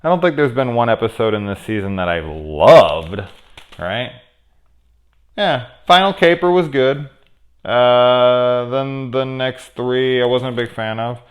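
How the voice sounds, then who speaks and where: A man's voice: mid-range voice, animated, unhurried. A man casually reviewing a horror episode at home close to his camera, rambling and swearing as he retells scenes. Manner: rambling, profane, acts out characters' lines. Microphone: camera mic very close.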